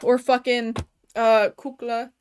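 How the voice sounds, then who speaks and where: A young woman streams a game from her bedroom and chats casually, swearing freely and packing her loose talk with "like." Her voice sits a little high and slightly dark, and her delivery is slow and flat. There's a bit of background noise.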